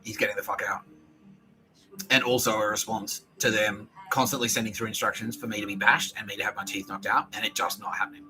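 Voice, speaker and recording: Rambling, sharp-toned man. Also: lowish voice, level tone, fast, faint music behind, poor audio. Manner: profane, rambling, restarts sentences. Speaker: podcaster. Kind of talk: rambling solo podcast monologue.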